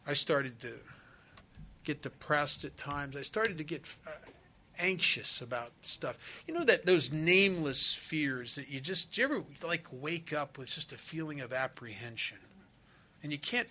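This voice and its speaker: A man's voice: medium pitch, pushed and bright, slight background noise. A middle-aged man telling a candid, confessional recovery story at a meeting. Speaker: recovering alcoholic sharing his story.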